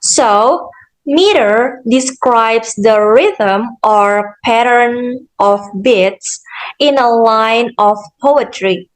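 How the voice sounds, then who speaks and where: A young woman student giving a slow, careful class presentation, explaining step by step with frequent "okay" and "so". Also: on the high side, low-quality recording. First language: Indonesian. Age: young adult. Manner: deliberate, measured, with "okay" and "so".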